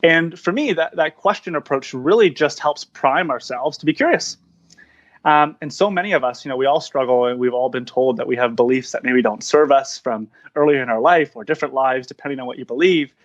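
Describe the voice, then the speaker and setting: A man's voice: mid-range voice, a little fast, highs cut off. A man speaking as a podcast guest in reflective interview talk, earnest and searching, with frequent restarts. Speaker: podcast guest, founder of a coaching practice.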